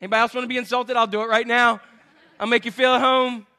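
A man preaching a sermon, animated, swinging between loud exclamations and hushed asides. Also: very high-pitched, quick pace. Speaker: pastor.

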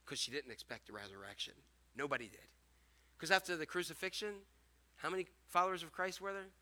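Man, pastor, sermon, joking, acts out scenes, high voice, very bright. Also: a little fast.

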